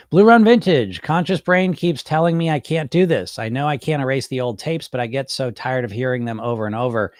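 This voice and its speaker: Earnest man with a higher voice. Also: dry recording, studio quality. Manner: earnest, emphatic, repeats phrases for stress. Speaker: weight loss podcast host and hypnotist. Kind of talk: casual coaching talk answering a listener question.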